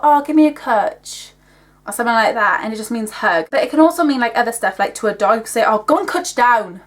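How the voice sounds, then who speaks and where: A young woman from Wales with a Welsh accent, chatting casually in a rambling way, filling her talk with "like". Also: on the high side. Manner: chatty, rambling, heavy use of "like", laughs often. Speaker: vlogger. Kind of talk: casual chat.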